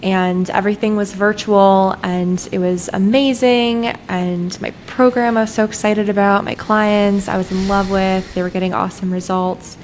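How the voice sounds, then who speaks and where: A woman guest, a breathwork facilitator, telling a personal story in animated, conversational speech full of "like" fillers. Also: medium pitch, moderate pace, few pauses, slight background noise, low-quality recording.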